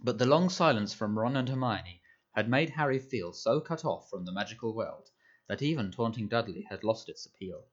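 Male audiobook narrator, low voice, measured pace, slightly dull recording. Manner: measured storytelling. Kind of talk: scripted narration.

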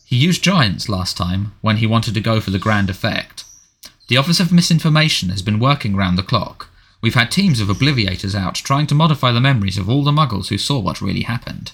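A man voicing a harried middle-aged male wizard minister who sounds defensive and fretful, talking quickly and pleadingly. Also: on the low side, expressive, creaky, fairly bright tone, slightly rough, full character voice.

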